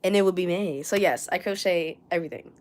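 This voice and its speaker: A woman's voice: lowish voice, fast talker, a little mellow. A young woman with a New York accent, chatting casually and rambling on a crochet livestream from her room at home, swearing now and then and reading viewer comments aloud. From New York City.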